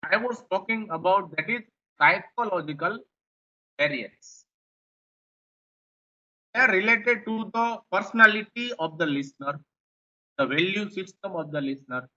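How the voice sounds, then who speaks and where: A man's voice: sits high, expressive, moderate pace, pauses often, sharp tone, lo-fi sound. A man with an Indian English accent giving a classroom lecture, explaining points and repeating them. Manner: repetitive, explanatory, rephrases points.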